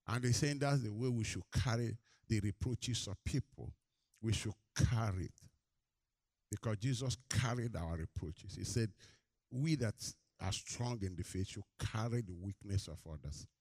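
Preacher with call-and-response delivery. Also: male voice, no room sound. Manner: call-and-response, has the congregation finish verses; animated storytelling, climbs high and loud in anecdotes. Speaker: pastor. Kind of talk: preaching sermon.

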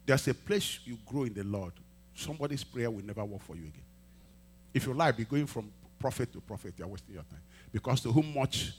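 A male pastor preaching a sermon, telling a testimony and acting out the dialogue, swinging from quiet asides to loud emphatic peaks. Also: mid-range voice, animated, a little fast, a little hiss or hum. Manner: acts out quoted dialogue in storytelling.

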